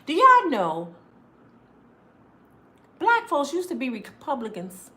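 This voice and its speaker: A woman's voice: high-pitched, wildly swooping pitch, takes it slowly, pushed and bright. A woman, ranting angrily to camera, swearing and repeating herself. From Michigan, US. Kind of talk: angry personal rant.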